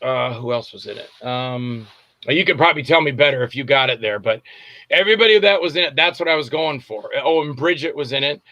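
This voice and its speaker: A man's voice: mid-range voice, fairly quick, pushed and bright, no room sound, muffled recording. A man, a film director, being interviewed and telling long, rambling stories, often stopping to search for names. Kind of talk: casual interview storytelling. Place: lives in Tampa.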